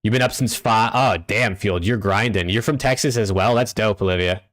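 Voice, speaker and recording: A man's voice: fairly low pitch, moderate pace, a bit bright. Laid-back cursing male streamer. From United States. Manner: laid-back, profane, talks to chat and reads out usernames. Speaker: streamer hosting a watch party. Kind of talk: casual live-stream chat. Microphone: desk streaming mic.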